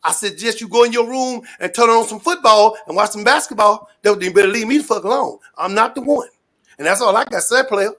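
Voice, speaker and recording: A man's voice: high voice, a little fast. A man from Alabama with a Southern accent, ranting and telling rambling, profane stories as a guest on a talk stream. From Birmingham, Alabama. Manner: loud, cussing, rambling storyteller. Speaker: guest commentator.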